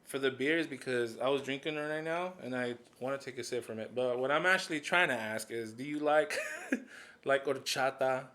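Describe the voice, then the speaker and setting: A man's voice: mid-range voice, moderate pace, bright, forceful tone. Joking, loose-talking man. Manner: loose, joking, swears, drops in Spanish words. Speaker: podcast host. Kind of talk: casual interview chat.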